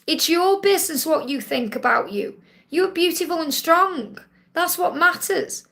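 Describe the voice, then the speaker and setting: A woman's voice: extremely high pitch, animated, unhurried, creaky, fairly bright tone. A woman reading tarot cards live for viewers' questions, reassuring and often checking in with "okay?". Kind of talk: live-stream Q&A card reading.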